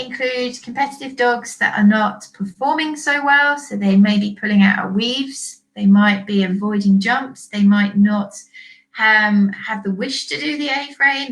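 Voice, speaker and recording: A woman vet hosting a casual discussion, animated and acting out owners and herself in quick quoted asides. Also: medium pitch, low-quality recording. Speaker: vet and podcast host.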